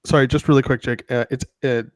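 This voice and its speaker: A man at a tabletop game making quick, self-deprecating asides. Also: mid-range voice, fairly even intonation, no echo, studio quality. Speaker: player. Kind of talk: casual tabletop game talk.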